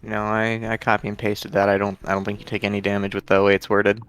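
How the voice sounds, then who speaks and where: A man with a lowish voice plays a tabletop game online. He talks bluntly and swears casually as he works through his spell and its rules. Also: monotone, fast, fairly bright tone, clean tone. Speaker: player.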